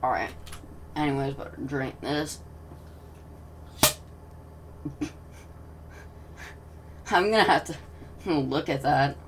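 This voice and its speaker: A woman giving casual, rambling gameplay commentary, often interrupting herself and dropping into soft mutters. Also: a bass voice, drawn-out words, long pauses, recorded from a distance, background noise. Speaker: gaming commentator.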